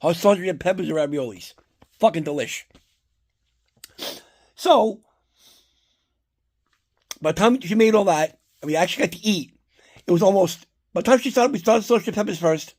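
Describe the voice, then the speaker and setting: A man's voice: high voice, moderate pace, pauses often. A man from New Jersey telling a long, rambling story about his holiday routine, swearing often and getting worked up. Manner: rambling, profane, animated when annoyed. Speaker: collector vlogger. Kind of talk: casual chat, storytelling.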